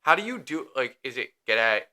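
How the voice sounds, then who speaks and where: A young man with a bright, forward voice chats casually on a podcast. He reacts quickly and keeps throwing in playful jokes. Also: medium pitch, sing-song, a little hiss or hum. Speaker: podcast co-host.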